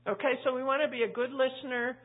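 A woman's voice: sits high, steady tone, quick pace. A woman pastor teaching a Bible study in a chatty, anecdotal way, full of asides. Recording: tinny phone-like line.

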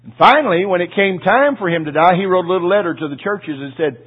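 A man preaching a sermon, telling a personal story in a folksy, emotional way with asides to the congregation, his voice husky. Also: sits high, expressive, fast. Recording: tinny phone-like audio.

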